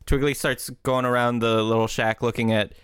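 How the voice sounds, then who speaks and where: A man's voice: mid-range voice, flat delivery, normal speed, smooth, dry recording, studio quality. A man playing a tabletop game, describing his character's actions in an easygoing way. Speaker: player. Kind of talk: tabletop role-play narration.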